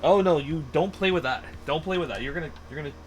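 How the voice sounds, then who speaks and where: A man's voice: fairly high pitch, fast, a little hiss or hum. A man streaming casually, chatting animatedly and cooing at his cat. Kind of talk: casual live-stream chat. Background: faint background music.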